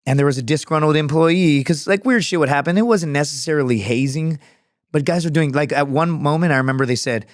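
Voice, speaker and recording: A man who is a podcast guest, telling stories in a casual, profane and animated way, acting out other people's voices as he goes. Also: fairly high pitch, brisk, dry recording, studio quality. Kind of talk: casual storytelling. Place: podcast studio.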